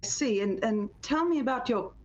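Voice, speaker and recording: A woman's voice: on the high side, animated, moderate pace, muffled recording, slight background noise, pitched above the performer's own voice, close to an everyday voice. A woman voicing a flamboyant male fashion lover who gushes over clothes and calls people "darling". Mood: gushing. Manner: gushing, theatrical, says "darling".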